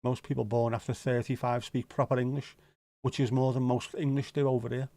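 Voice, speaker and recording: A man's voice: mid-range voice, flat delivery, brisk, dark tone, no echo. Scouse guy rambling on his livestream, jokey and a bit sweary, dry close sound. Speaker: livestream host. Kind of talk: casual livestream chat, answering viewer comments.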